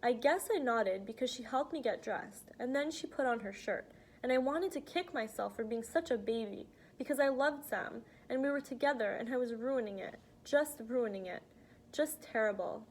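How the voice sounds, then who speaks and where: A woman narrating a first-person novel aloud in a quiet, unhurried, intimate manner. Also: a little high. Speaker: reader.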